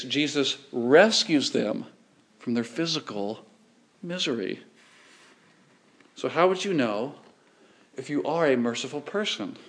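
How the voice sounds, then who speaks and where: A pastor, preaching an earnest, measured sermon and reading scripture aloud. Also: male voice, a little high.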